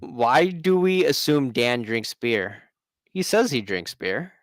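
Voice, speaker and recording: Slow-talking man hosting a live stream. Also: medium pitch, very animated, no echo. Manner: rambling, chatty, reads viewer comments aloud. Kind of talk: casual live stream chat, reading comments.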